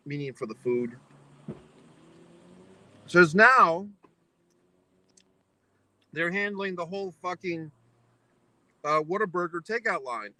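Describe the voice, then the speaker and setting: A man tells a story to his vlog audience in a bright, forceful voice pitched a little high, swearing freely and sounding exasperated. He turns the small story into mock-serious life lessons. The sound is close and dry. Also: no echo, poor audio. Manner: foul-mouthed, exasperated, mock-philosophical. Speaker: vlogger. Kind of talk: profane ranting anecdote to camera.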